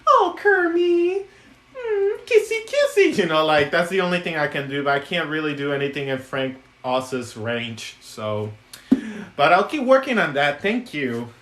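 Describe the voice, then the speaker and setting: Male puppet maker chatting on a live stream, a bit high-pitched, rambling and giggly, roomy sound. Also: animated, moderate pace, fairly bright tone. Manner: chatty, giggly, lots of ums and restarts. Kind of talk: casual live stream chat. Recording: echoey room.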